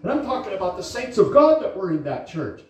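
A male pastor preaches, often pausing on "uh, amen" to fill the gaps between his points. His voice sits high but sounds mellow and soft-edged. It reaches the mic from a distance and rings around a very echoey church room. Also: very animated. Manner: preachy, drawn-out phrasing with frequent "uh, amen". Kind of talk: sermon. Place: church sanctuary.

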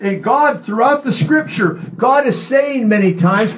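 A man's voice: extremely high pitch, animated, measured pace, a little hiss or hum, rough recording. A man preaching a sermon from a church podium, earnest and repeating key phrases for emphasis. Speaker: pastor.

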